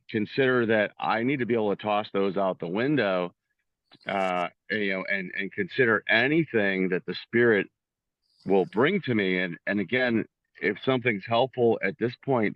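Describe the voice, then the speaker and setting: A man with a slightly low voice hosts a songwriting circle over a video call, thinking aloud with many restarts and fillers. The call audio is dry and dull, with no room sound. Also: moderate pace, no echo. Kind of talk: reflective casual talk.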